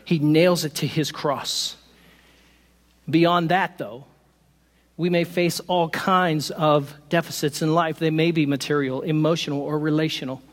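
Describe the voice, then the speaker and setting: A man preaching a sermon to his congregation, animated and quick to poke fun at himself with laughing asides. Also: fairly high pitch, long reverb tail. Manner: animated, self-deprecating humor, laughs at own stories. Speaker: pastor. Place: church sanctuary.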